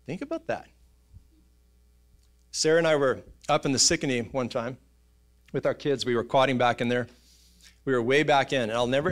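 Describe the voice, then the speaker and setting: A man, preaching a sermon in a church, telling stories in an animated way and acting out voices and sounds. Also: medium pitch. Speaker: pastor. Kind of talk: casual sermon storytelling. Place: church auditorium.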